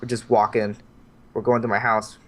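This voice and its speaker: A man's voice: fairly low pitch, little pitch movement, moderate pace, fairly bright tone, slight background noise. A teenage man on a podcast rambling through a story, swearing and laughing as he tells it. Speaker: podcast member. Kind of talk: casual storytelling.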